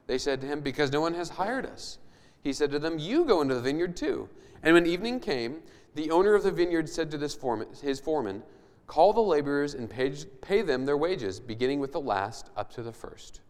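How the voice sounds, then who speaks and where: A man's voice: a little high, expressive, fairly quick, few pauses, a little mellow. A male pastor preaching a sermon, reading scripture aloud and then explaining it conversationally with emphatic rising questions. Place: church hall. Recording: long hall reverb.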